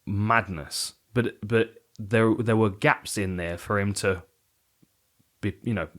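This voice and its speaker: A man's voice: on the low side, steady tone, takes it slowly, fairly bright tone. A middle-aged man co-hosting a podcast, casually breaking down fights and often restarting his sentences. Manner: thoughtful, self-correcting, trailing off mid-sentence. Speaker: podcast co-host, fight analyst. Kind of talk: casual chat.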